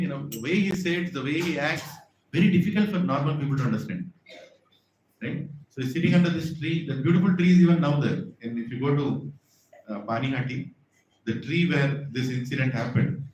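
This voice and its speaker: A man's voice: mid-range voice, darkish tone, slight background noise. A man, a preacher telling a devotional story in a temple hall, acting out the voices and often asking "right?". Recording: echoey hall with faint ambience.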